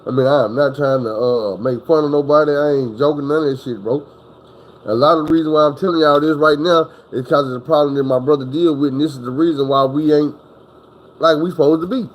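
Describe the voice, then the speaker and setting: A man's voice: a little high, steady tone, brisk, dull audio. Man telling a rambling profane story. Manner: profane, rambling, acts out the people he quotes. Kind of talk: casual spoken storytelling.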